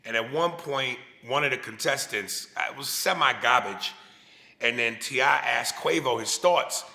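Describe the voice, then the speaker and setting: A man's voice: mid-range voice, normal speed, gravelly, sharp tone, reverberant. A man from New York with a New York accent, a comedian ranting animatedly and profanely in a casual interview. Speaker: comedian guest.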